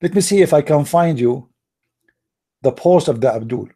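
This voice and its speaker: Man, channel host, polemical talk, slow emphatic delivery, scornful, slightly high voice. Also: animated, warm tone, breathy edge.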